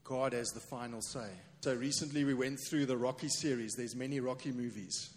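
A man's voice: mid-range voice, steady tone, fairly quick, a little hiss or hum. A man preaching a sermon as pastor, emphatic and repeating his key refrain. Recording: long hall reverb.

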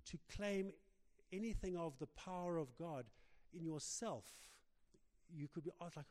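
A man preaching a sermon, talking in a halting way with many restarts and fillers. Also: a little high, darkish tone. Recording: long reverb of a large hall.

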